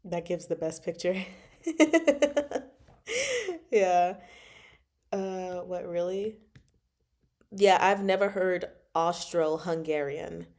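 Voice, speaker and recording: A woman's voice: fairly low pitch, extremely slow, long pauses, darkish tone. A young adult woman hosting a casual book chat, playful and laughing often as she reacts to a novel. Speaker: book club host reading and reacting.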